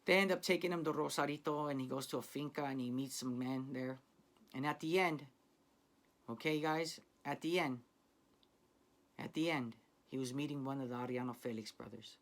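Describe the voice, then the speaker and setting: A man's voice: mid-range voice, normal speed, fairly bright tone. A man hosting his own channel tells a crime story in loose street slang. He swears freely and keeps turning to the viewers as "guys," in a casual, confiding storytelling way.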